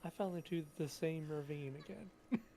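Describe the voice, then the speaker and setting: A man playing along on voice chat, quiet and teasing, often laughing. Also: fairly high pitch, normal speed, vocal fry, over a noisy crowd. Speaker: co-player. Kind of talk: casual gaming chat.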